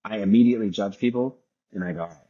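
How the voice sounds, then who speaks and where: A man's voice: on the low side, racing, dark tone, slightly rough, dull audio. A young man telling stories in a laid-back casual chat, saying dude a lot and acting out voices. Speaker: podcast guest.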